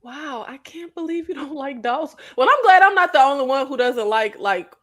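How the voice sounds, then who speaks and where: A woman hosting a casual chat, animated and quick to laugh. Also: high voice. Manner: animated, laughs often, playful exclamations. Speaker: host.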